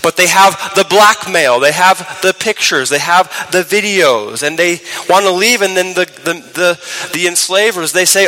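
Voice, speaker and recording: A pastor preaches a sermon, moving between emphatic, raised lines and soft, low, tender passages while slowing on key words. The recording is rough.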